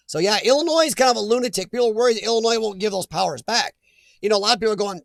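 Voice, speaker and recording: A man's voice: sits high, very fast, vocal fry, no echo. A man hosting a casual livestream chat, reading viewer comments and giving blunt opinions with easy laughs. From Midwestern US. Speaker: livestream host.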